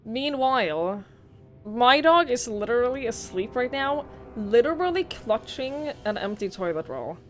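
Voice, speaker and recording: A woman streaming a game live, talking casually and gushing in slow, drawn-out reactions. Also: on the high side, animated. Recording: game music playing underneath.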